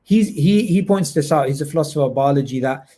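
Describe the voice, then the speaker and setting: A man hosting a livestream Q&A who talks quickly and emphatically, often restarting his sentences. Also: a little high, dark tone. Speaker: host.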